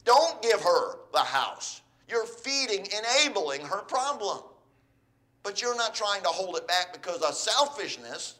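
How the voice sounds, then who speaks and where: Bright-voiced man preaching a sermon. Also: high voice, sing-song, measured pace. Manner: earnest, exhorting, asks the listeners questions.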